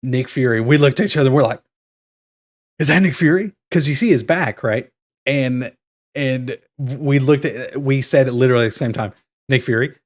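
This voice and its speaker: A man in his thirties chats casually on a podcast, steady mid-range voice. He tells stories with rising excitement and acts out the lines he quotes. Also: medium pitch, fairly quick. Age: 30s. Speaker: podcast co-host. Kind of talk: casual chat.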